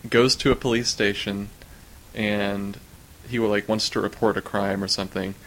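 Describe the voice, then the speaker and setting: A man's voice: lowish voice, little pitch movement, moderate pace, a bit bright, a little hiss or hum. A man co-hosting a podcast, telling stories in an easygoing way with fillers. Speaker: podcast co-host. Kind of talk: casual chat.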